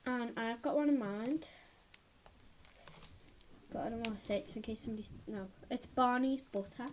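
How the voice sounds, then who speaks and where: A woman with a cold, sniffling as she reviews slime in a chatty, excitable way at home, often gasping and exclaiming. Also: fairly high pitch, moderate pace. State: has a head cold, sniffling. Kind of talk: casual unboxing chat. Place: at home, filming on the floor. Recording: loud background noise and clicks.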